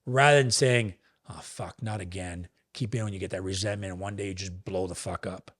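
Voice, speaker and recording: A man's voice: on the low side, fast talker, fairly bright tone. A middle-aged man talking in an earnest, coaching way, sometimes acting out both sides of a conversation. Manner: earnest, coaching tone, acts out dialogue. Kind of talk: podcast conversation on relationships.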